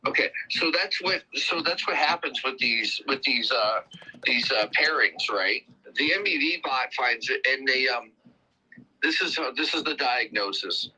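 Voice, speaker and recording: A man's voice: medium pitch, lively intonation, unhurried, sharp tone, breathy edge, poor audio. A man hosting a casual crypto livestream, talking in a rambling way and often repeating his words. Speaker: crypto community host.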